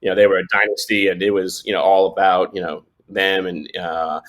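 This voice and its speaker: Low-voiced man rambling through a story. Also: flat delivery, brisk, a bit bright. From New York. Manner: rambling, many restarts and fillers, laughs often. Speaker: sports photojournalist guest. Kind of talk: casual interview storytelling.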